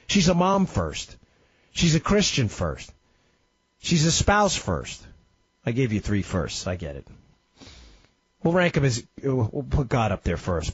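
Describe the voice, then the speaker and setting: Husky, lively radio host man. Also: no room sound. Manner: emphatic storytelling with sudden pitch swings. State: slightly ill. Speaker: radio talk show host. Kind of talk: impassioned talk radio monologue. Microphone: studio microphone. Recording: dry, slightly dull radio studio audio.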